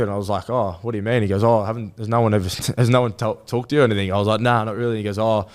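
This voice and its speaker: Young Aussie bloke, quick rambling talker, low smooth voice, casual interview guest. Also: male voice, steady tone. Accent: Australian. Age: 20s. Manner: rambling storytelling with many restarts and fillers. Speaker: rugby league player guest.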